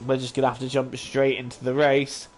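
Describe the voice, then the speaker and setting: Playing a racing game, this gaming channel host mutters self-critical commentary punctuated by exasperated outbursts, with faint game music behind him. He speaks briskly in a medium-pitched monotone.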